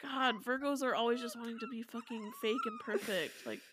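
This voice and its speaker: A woman's voice: a little high, a little fast, heavy background noise. A young woman co-hosting a podcast, chatting casually, laughing often and swearing as she tells a story. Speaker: podcast co-host. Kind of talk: casual chat.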